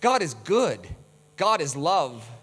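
A man preaching from the front of a church hall, his high, bright voice ringing with a long reverb. He talks in an animated, lively way and swings broadly whenever he acts out the voices he quotes. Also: takes it slowly, slightly rough. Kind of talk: sermon with slides.

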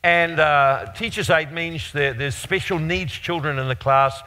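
An older man preaching, telling a personal story in an animated, rambling way. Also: fairly high pitch, measured pace. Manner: animated anecdotal storytelling with restarts. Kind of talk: storytelling sermon.

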